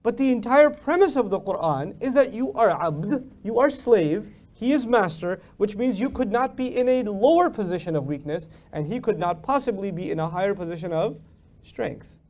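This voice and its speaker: Animated high-voiced male lecturer. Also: normal speed. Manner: animated, rhetorical questions, acts out mock dialogues. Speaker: lecturer on the Quran. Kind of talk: Islamic lecture.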